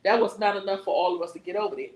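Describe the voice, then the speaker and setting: A woman's voice: mid-range voice, racing. A woman from Washington, D.C., hosting a live stream and telling a story in casual, profane talk. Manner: animated, profane storyteller who acts out quotes. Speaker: host. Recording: echoey room.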